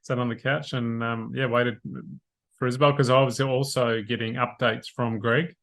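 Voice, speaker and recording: A man co-hosts a casual running podcast at a middling pitch. He talks in a relaxed, unhurried way with dry humour and many fillers. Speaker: podcast co-host, runner. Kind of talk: casual chat.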